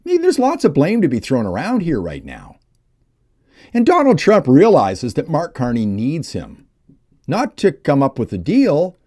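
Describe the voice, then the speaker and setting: A man's voice: fairly high pitch, wildly swooping pitch, unhurried, warm tone. A man delivering a heated opinion vlog about politics, emphatic and ranting. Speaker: political commentator.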